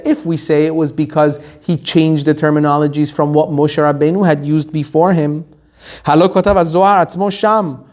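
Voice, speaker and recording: Animated high-voiced rabbi teaching Torah. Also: male voice. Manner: animated storytelling, acting out quotes. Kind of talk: Torah class sermon.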